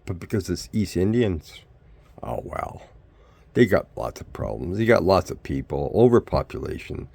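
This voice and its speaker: Gravelly older man rambling. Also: sits low, big pitch swings, normal speed, few pauses, dark tone, no echo. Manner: rambling, ranting, rhetorical questions. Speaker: vlogger. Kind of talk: rambling opinion monologue.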